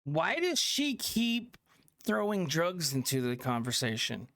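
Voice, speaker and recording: A reaction host talking slowly over clips in casual commentary, pushing the same questions again and again in frustration. The pitch swings widely while the pace stays unhurried, and the dry, close sound has almost no room around it. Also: big pitch swings, a bit bright, dry recording. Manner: frustrated, repeats questions insistently.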